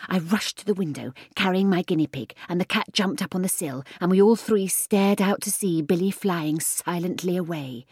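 A woman reading a children's story in the first person, expressive and often hushing to a whisper, close to a studio mic. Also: lowish voice, moderate pace, hardly any pauses, breathy edge, no room sound. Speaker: audiobook narrator.

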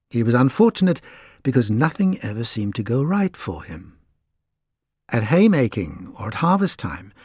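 A man reading a children's storybook aloud in an expressive, lively storytelling manner. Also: medium pitch, slightly rough, no room sound, clean studio sound. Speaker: audiobook narrator.

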